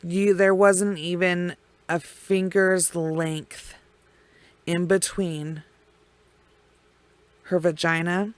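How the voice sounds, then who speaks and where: A woman recounts a true crime case in a slow, unhurried way, letting long pauses hang between her words. Her talk is blunt and profane. The sound is close and dry, with no room behind her. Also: on the low side, flat delivery, no room sound. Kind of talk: casual true crime storytelling.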